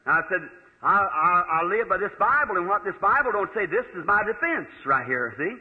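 A man preaching a sermon, telling a story in a folksy, animated way. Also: high voice, a little fast. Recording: old lo-fi reverberant hall recording.

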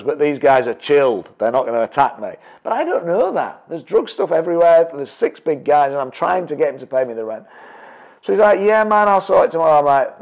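A man's voice: on the high side, creaky, lo-fi sound. A middle-aged man teaching property investing through a personal story, acting out his own reactions with big jumps in voice. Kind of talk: storytelling presentation.

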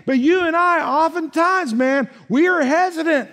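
High-voiced man preaching in a church. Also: normal speed, a bit bright. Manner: folksy, emphatic preaching with many "man" and "right?" asides. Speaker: pastor. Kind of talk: sermon. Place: church sanctuary. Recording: church hall reverb.

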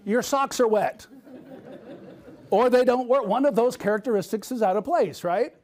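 A middle-aged American man gives a conference keynote, sharing a personal story and putting questions to the audience. His voice is very high with a darkish tone, and he speaks at a moderate pace.

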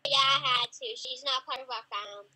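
Bossy high-voiced young girl gamer. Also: steady tone, normal speed, pushed and bright, no room sound, poor audio. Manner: bossy, playful, giving orders. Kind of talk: casual gameplay chat.

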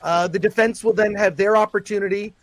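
High-voiced man as a mock judge. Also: fairly even intonation, a little fast, no room sound. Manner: formal, judge-like with frequent fillers. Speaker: host presiding as mock judge. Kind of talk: mock-formal courtroom role-play on a livestream.

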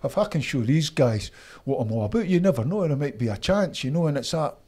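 An older man with a Scottish accent, telling animated stories from his football career as an interview guest. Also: a little high, fast, breathy edge. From Scotland. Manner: animated anecdotes, acts out voices of others. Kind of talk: casual storytelling.

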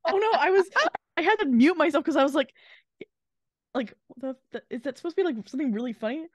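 A woman player chatting casually at a game table, telling a quick story in a rushed, chatty way. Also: high-pitched, animated, darkish tone, no echo, studio quality.

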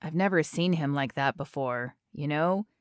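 A woman voicing a young man whose voice is thick and halting with emotion. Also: sits low, clear, resonant tone, no room sound, studio quality, voice pushed down, natural voice. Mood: choked up. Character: young grown man, shaken son near tears.

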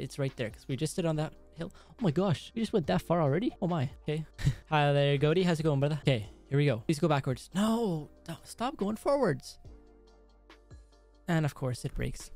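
Fast-talking gravelly gamer guy. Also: medium pitch. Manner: talks to the game, pleading and excitable; speaks softly at night. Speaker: let's play host. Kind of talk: gameplay commentary. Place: home room at night.

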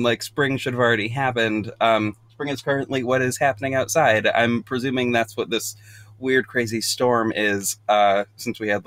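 An American podcast host chatting casually while unboxing, bubbly, rambling and quick to giggle. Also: male voice, medium pitch, fairly bright tone, no room sound.

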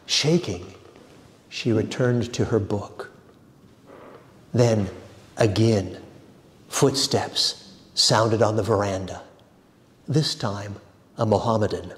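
A man teaching a church adult education class, reading a story with measured, dramatic pauses. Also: fairly low pitch, in a large hall.

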